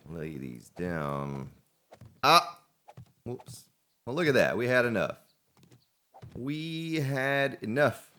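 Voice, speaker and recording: A man's voice: sits low, very animated, slow, pauses often, bright, forceful tone. A man hosting a gaming let's play, chatting casually and rambling to himself as he plays. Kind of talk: casual gameplay commentary.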